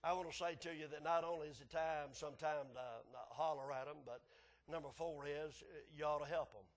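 A man preaching a folksy sermon, chuckling at his own stories and swinging from soft asides to hollering. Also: on the high side, steady tone, fairly quick.

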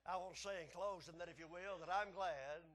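Folksy preacher with a high voice. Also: male voice, steady tone, a little fast. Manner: folksy, swinging between hushed and shouting. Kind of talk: sermon.

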